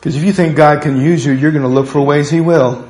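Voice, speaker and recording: A male pastor preaching a sermon, acting out both sides of people's prayers to God with lively emphasis. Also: on the high side, brisk. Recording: echoey hall, mic far off.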